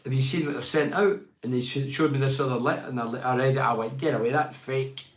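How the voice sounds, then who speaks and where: A man's voice: mid-range voice, fast talker. A man, giving a blunt, opinionated football match review and reading fan emails. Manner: blunt, ranting, quotes others in mock voices. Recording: echoey room.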